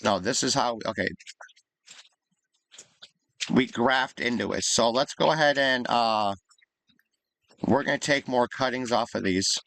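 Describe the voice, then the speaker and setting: A man's voice: mid-range voice, unhurried, gravelly, pauses often, fairly bright tone, dry recording. A man casually commenting on his life-sim gameplay, thinking aloud in an easygoing, chatty way. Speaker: gaming YouTuber.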